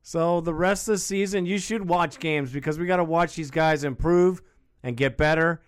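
A man's voice: on the high side, moderate pace, smooth, no echo, clean studio sound. A man hosting a fan call-in show, talking casually and calling the callers bro. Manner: casual, laid-back, calls callers bro. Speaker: radio show host.

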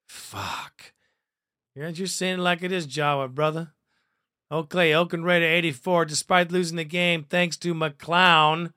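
A man hosting a fan podcast, reading listener comments aloud in a profane, excitable way and laughing often. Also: a little high, normal speed, dry recording, studio quality.

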